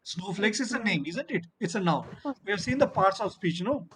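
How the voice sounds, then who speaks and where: Male teacher, high voice, encouraging and firm, classroom delivery. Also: expressive, normal speed, background noise. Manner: encouraging, repeats praise and "you know"; firm about turn-taking. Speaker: English teacher. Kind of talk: online classroom lesson.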